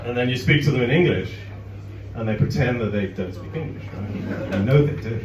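A man does a chatty stand-up set in a club, breaking off now and then with apologetic asides, and the audience laughs. His mid-range voice is brisk, with slight background noise. The recording is roomy, distant, and dull, captured from the audience.

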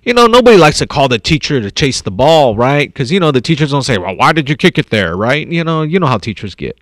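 With a slightly high voice and a quick pace, a man reads a picture book aloud to young elementary school children in his role as district superintendent. He stops frequently to remark and think out loud, staying animated. The recording is dry.

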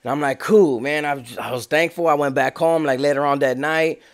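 A young man casually telling a street story, slangy and animated. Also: a little fast. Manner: slangy, animated, acts out quotes in lower voice.

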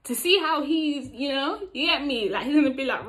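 In a high-pitched voice at moderate speed, a young East London woman offers dating advice on her vlog, acting out each side of a chat-up exchange. Her talk is animated and slang-heavy, with tags like "you get me?", and the audio is poor.

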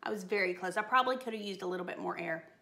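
A woman's voice: mid-range voice, very fast, gravelly, heavy background noise. A woman voice teacher giving a singing lesson, upbeat and encouraging as she coaches a phrase.

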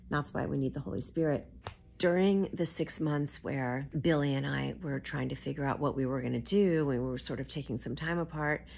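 Low gravelly woman vlogger. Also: normal speed, darkish tone. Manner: chatty and open, mixing faith talk with jokes. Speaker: vlog host. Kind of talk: casual confessional chat.

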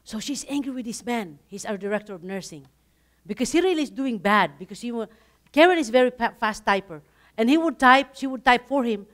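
A woman with a fairly high voice leads a Bible study. She tells earnest personal stories about forgiveness, breaking into laughter now and then. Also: lively intonation, fairly quick, fairly bright tone.

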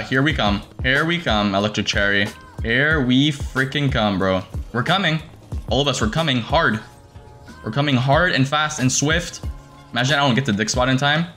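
A young man giving casual commentary over his game, excitable and swearing, breaking into shrieks when he finds something. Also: medium pitch, moderate pace, faint music behind. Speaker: gaming streamer.

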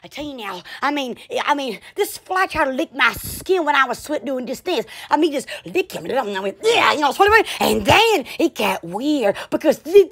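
A woman hosting a casual live stream from her phone, giggling and exclaiming as she rambles and gives shout-outs. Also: high voice.

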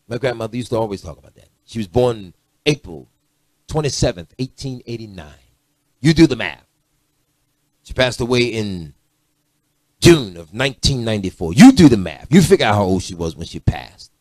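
Animated preacher man with sudden shouts. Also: moderate pace, no room sound. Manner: preachy, rising to shouts and dropping to low asides. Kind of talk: sermon.

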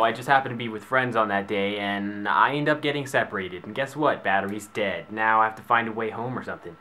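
A man's voice: mid-range voice, bright, forceful tone. A young man vlogging at home into his camera, rambling through sarcastic asides and joking tangents. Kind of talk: comedic vlog monologue.

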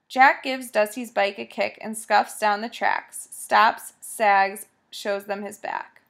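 A woman reading a children's story aloud as narrator, measured and vivid. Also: medium pitch, steady tone, vocal fry, fairly bright tone. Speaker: audiobook narrator.

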